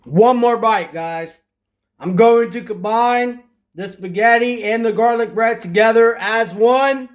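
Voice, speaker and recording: A man's voice: very high-pitched, unhurried. A man hosting a casual cooking vlog, chatting straight to his viewers as he eats. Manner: chatty, addresses viewers directly. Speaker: cooking channel host.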